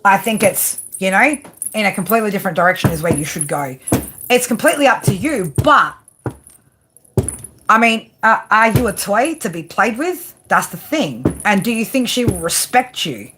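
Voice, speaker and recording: A woman's voice: medium pitch, lively intonation, moderate pace, background noise. A woman giving a live tarot reading to viewers, blunt and swearing constantly, tagging her lines with "right?". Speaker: tarot reader.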